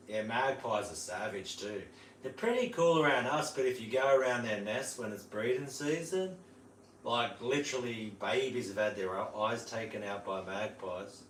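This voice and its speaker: A man's voice: lowish voice, a bit bright, slight background noise. A man with an Australian accent chatting casually on a livestream, laid-back and slangy, mimicking bird calls. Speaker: livestream host. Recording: roomy sound, mic at a distance, faint ambience.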